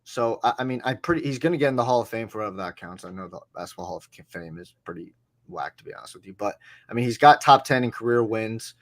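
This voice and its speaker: Animated man talking basketball. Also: on the low side, fast talker. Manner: animated, acts out quotes, swears. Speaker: podcast co-host. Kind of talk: casual sports talk.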